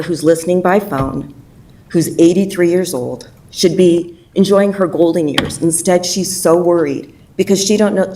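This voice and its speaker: Low-voiced woman, shaky and emotional, heartfelt plea at a public meeting, a bit off-mic. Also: a little mellow, far from the mic, low-quality recording. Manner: heartfelt, pleading. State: nervous and emotional. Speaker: public commenter. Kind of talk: unprepared public comment.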